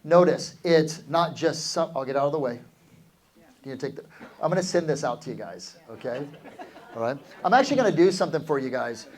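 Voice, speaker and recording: A man's voice: a little high, fairly quick, a little hiss or hum. A middle-aged man coaching real estate agents in a live seminar, talking energetically and quizzing the audience. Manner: energetic, asks the crowd questions, calls for answers.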